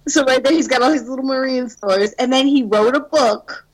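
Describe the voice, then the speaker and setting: A young woman with a slightly high voice tells a story in casual podcast chat. She is animated, swears a lot and keeps laughing mid-sentence. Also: brisk, low-quality recording. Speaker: podcast co-host telling a dating story.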